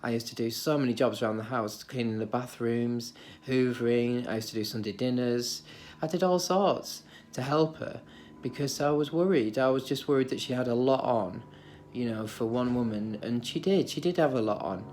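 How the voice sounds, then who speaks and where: A man's voice: medium pitch, moderate pace, darkish tone, a little hiss or hum. A middle-aged man recording a rambling vlog from a psychiatric hospital, telling childhood stories with chuckles. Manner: meandering, nostalgic storytelling with chuckles. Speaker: vlogger. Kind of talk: rambling monologue to camera.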